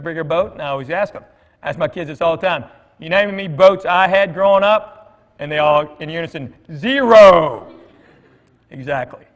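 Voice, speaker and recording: A man's voice: a little high, fairly bright tone. A middle-aged man giving a conversational church talk, telling stories and acting out bits of dialogue in a folksy way. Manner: folksy storytelling, quoting others in dialogue. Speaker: guest speaker at church. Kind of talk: conversational sermon with anecdotes. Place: church hall. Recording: long hall reverb.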